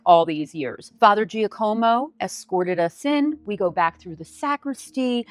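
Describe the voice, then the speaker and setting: Animated woman telling a family story. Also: medium pitch, no echo. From United States. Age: middle-aged. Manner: animated, acts out her own quoted lines with lots of "like". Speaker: vlogger. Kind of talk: casual storytelling.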